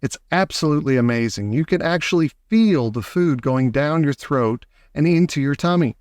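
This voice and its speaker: A man voicing an eccentric, excitable male chocolate maker who boasts theatrically about his inventions. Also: on the high side, moderate pace, dry recording, lightly acted. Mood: exuberant.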